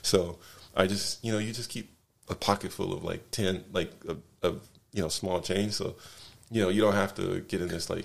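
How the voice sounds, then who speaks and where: A man's voice: low voice, fairly even intonation, normal speed, gravelly. A man casually telling travel stories as a podcast guest, rambling with many fillers and restarts. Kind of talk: casual storytelling.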